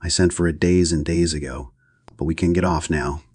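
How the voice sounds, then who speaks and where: A man reading an audiobook, voicing a shrill, fretful middle-aged society hostess. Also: fairly even intonation, normal speed, a little mellow, breathy edge, no room sound, studio quality.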